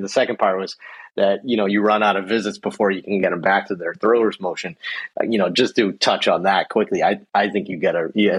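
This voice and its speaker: A man's voice: deep voice, breathy edge, no room sound. A man hosting a podcast panel in casual chat, chatty and full of fillers. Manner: laughing, chatty, filler-heavy. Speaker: podcast host.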